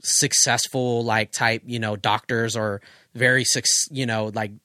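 A man in his thirties tells stories in a relaxed, profane podcast chat, his mid-pitched voice recorded close and dry with no room sound. He speaks as a working photographer looking back on his life. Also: unhurried, no room sound. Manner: loose, profane, reflective storytelling. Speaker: guest photographer.

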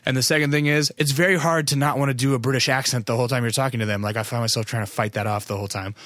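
A man's voice: mid-range voice, fairly even intonation, rapid-fire, fairly bright tone, no echo. An American man hosting a podcast, telling a long rambling story in a loose, profane, conversational way before an interview. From United States. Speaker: podcast host. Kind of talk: casual podcast monologue and interview.

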